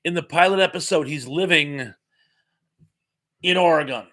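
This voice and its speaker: A man's voice: a little high, moderate pace, bright, forceful tone. A middle-aged man hosting a casual live chat from home, a rambling storyteller who repeats words and restarts. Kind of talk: casual live-stream chat reading viewer comments.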